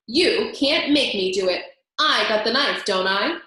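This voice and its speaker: A woman's voice: fairly high pitch, lively intonation, measured pace, sharp tone, very echoey, rough recording. Woman doing a blunt, coarse servant girl. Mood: defiant. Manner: blunt, rough country speech.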